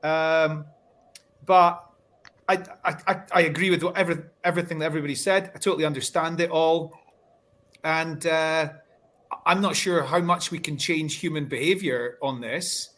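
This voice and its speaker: A man from Scotland speaking as a guest on a panel discussion, telling stories in a chatty, animated way with frequent restarts. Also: fairly high pitch, moderate pace.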